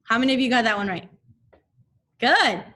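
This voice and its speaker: A woman teaching a recorded phonics lesson to second graders, repeating letter sounds slowly so the children can echo her, with frequent encouraging check-ins. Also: fairly high pitch, a bit bright. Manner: encouraging, checks in often with "okay?".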